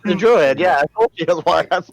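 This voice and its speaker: Lively young player, dry close sound. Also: male voice, on the high side, brisk, gravelly, dry recording, highs cut off. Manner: blunt, short remarks, nudges the group on. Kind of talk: casual tabletop play.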